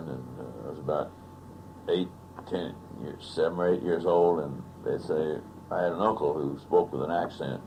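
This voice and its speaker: Gravelly older Texan storyteller. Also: male voice, deep voice, a little mellow, poor audio. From Texas. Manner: anecdotal, chuckling raconteur. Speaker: oral history interviewee. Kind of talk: storytelling interview. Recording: archival audio with faint hiss.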